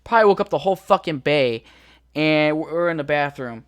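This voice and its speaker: A man's voice: fairly high pitch, expressive, moderate pace, clear, resonant tone, dry recording. A young man hosting a podcast, telling a rambling story in a laid-back, profane way full of fillers. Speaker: podcast host. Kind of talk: casual storytelling.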